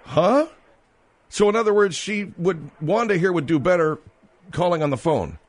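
Dry-voiced radio host. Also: male voice, high-pitched, animated, moderate pace, no echo. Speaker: radio talk show host. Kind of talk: call-in radio hosting.

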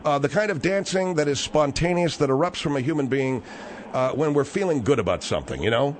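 A man's voice: fairly high pitch, animated, a little fast. A man hosting a talk radio show. He argues in a combative, sarcastic way.

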